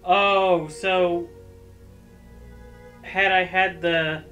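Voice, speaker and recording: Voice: mid-range voice, flat delivery, very slow, fairly bright tone, muffled recording, faint music behind. A gaming streamer giving jumpy, joking commentary on a horror game. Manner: jumpy, exclaiming, joking at the screen. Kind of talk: let's play commentary.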